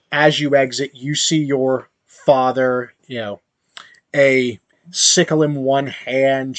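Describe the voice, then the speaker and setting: A man narrating a tabletop game as game master, in slow, halting speech with fillers. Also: mid-range voice, no echo.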